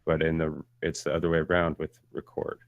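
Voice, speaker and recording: A man's voice: very deep voice, monotone, a little fast, no echo, narrow, tinny audio. A man in a casual chat, teasing and arguing his point playfully. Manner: playfully argumentative. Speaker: guest.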